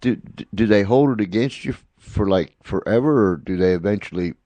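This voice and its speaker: An older radio host talking with his guest, in a halting way, repeating himself as he gathers his thoughts. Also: on the low side, dark tone, no echo, highs cut off.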